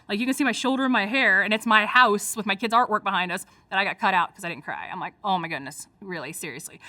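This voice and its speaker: A middle-aged woman with a Michigan accent, an activist telling her story in a casual interview, animated and full of fillers. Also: medium pitch, dry recording. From United States. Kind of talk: casual spoken recollection.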